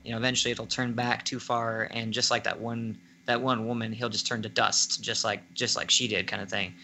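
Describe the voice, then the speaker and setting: A woman in casual chat reviewing an anime, exasperated and animated, breaking into loud outcries. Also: very deep voice, fairly quick, a little hiss or hum.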